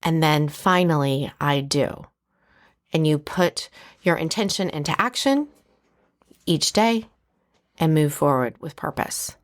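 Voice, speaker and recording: Woman, low voice, calm measured explanations, podcast guest. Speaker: podcast guest, heart healer. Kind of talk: conversational podcast teaching.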